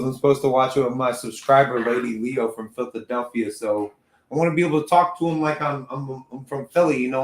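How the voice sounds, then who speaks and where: A man's voice: mid-range voice, steady tone, brisk, echoey room. A man from Texas in his thirties, rambling and swearing through a casual chat as a podcast host. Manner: rambling, profane, repeats himself.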